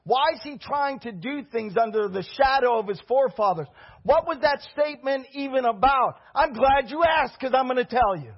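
A pastor delivering a sermon in a very high, husky voice. He preaches with animated energy, asking rhetorical questions and rising to shouted peaks. The recording sounds dull and lo-fi. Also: normal speed.

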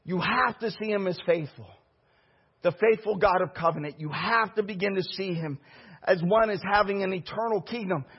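A man's voice: high-pitched, normal speed, breathy edge, highs cut off. A male pastor preaching a sermon with fervor and repeating key phrases for emphasis.

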